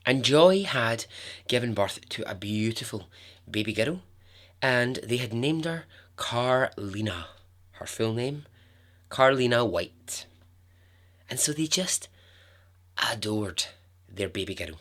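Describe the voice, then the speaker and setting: A man's voice: mid-range voice, slow pace, pauses often. Chatty man telling a story. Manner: chatty, expressive, with asides. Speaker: podcast host. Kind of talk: casual podcast storytelling.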